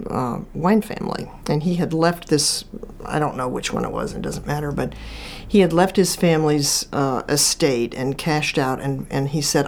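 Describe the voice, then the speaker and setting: A woman's voice: low-pitched, a little hiss or hum. A woman author, talking casually as an interview guest and telling stories with lots of fillers and restarts. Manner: chatty storyteller, many restarts and fillers. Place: from Chicago.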